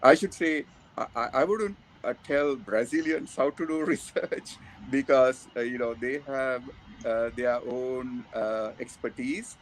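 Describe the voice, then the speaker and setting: A man from Sri Lanka with a Sri Lankan English accent, giving a thoughtful academic talk with many pauses and fillers. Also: medium pitch, a little hiss or hum. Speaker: academic speaker.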